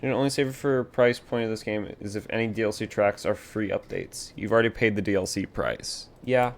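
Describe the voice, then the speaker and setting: Low gravelly man chatting over a game stream. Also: fairly quick. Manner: mumbling to himself, then chatting with viewers. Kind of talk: casual live-stream chatter while playing. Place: warm room at home with the door closed.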